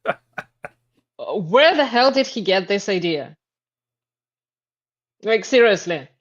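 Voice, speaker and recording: A woman's voice: mid-range voice, animated, slow. Blunt woman on a dull lo-fi line. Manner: blunt, dismissive. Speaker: podcast co-host. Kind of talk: casual podcast chat. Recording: dull lo-fi sound.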